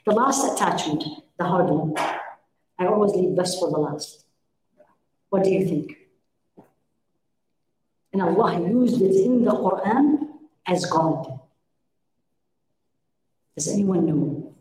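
A woman's voice: lowish voice, lively intonation, takes it slowly, pauses often, darkish tone, a little hiss or hum. A middle-aged woman giving a lecture to a women's class, questioning her listeners and acting out little dialogues. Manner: engaging, questions the audience, acts out dialogues. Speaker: religious teacher. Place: room with a live audience. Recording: echoey room.

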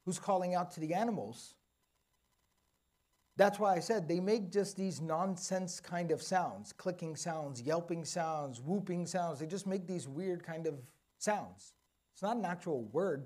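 A man giving a religious lecture to a live audience. He explains carefully, slows down to stress key words and keeps checking in with "okay?" and "right?". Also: high voice, a little mellow. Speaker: Quran teacher.

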